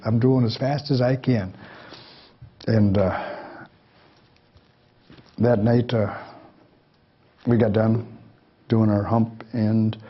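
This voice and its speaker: Husky older man telling folksy stories. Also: medium pitch, muffled recording. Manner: folksy, acts out the voices in his anecdotes. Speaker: guest speaker. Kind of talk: storytelling talk to a live audience.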